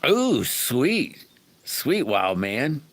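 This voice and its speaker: A man's voice: medium pitch, wildly swooping pitch, drawn-out words, no room sound. A middle-aged man hosting a casual livestream, rambling folksily and chuckling while he answers viewers by name. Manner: chatty, rambling, chuckles often. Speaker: livestream host. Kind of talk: casual livestream chat reading viewer comments.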